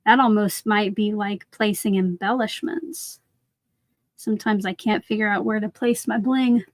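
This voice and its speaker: A woman's voice: medium pitch, fairly even intonation, measured pace, no echo. A woman hosting a craft livestream, chatting casually and answering viewer comments while she works, often saying "like".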